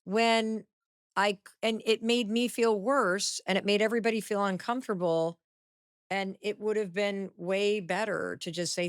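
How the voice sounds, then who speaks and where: A woman's voice: mid-range voice, fairly even intonation, moderate pace, dry recording, clean studio sound. A woman hosting a podcast interview, reacting candidly and emotionally with short exclamations. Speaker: podcast host.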